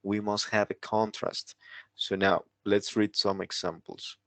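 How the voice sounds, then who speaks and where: An English teacher works through a grammar lesson at an unhurried, deliberate pace, his fairly low, gravelly voice level in tone and a bit bright. He explains and keeps checking in with "right?", the sound dry and close with no echo.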